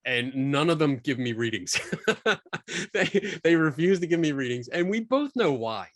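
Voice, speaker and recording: A man being interviewed about investigating paranormal claims, telling a long story with animated restarts and asides over a video call. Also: fairly high pitch, moderate pace, dry recording, studio quality. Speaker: guest, skeptical paranormal investigator.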